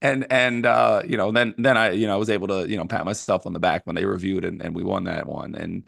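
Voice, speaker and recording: A man co-hosting a casual sports podcast, telling animated stories. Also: quick pace, no room sound, studio quality. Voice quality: gravelly. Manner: animated storytelling, acting out fans with sudden high yells. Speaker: podcast co-host.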